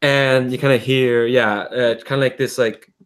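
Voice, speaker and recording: Guy running a tabletop game, rambly, lots of kinda and like, normal pitch. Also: steady tone, moderate pace, fairly bright tone. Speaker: game master.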